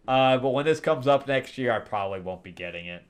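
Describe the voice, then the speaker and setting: A man's voice: mid-range voice, lively intonation, moderate pace. Rambling, sarcastic male comic reviewer. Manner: rambling, sarcastic, laughs often. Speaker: comic book reviewer, host. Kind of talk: casual review chat.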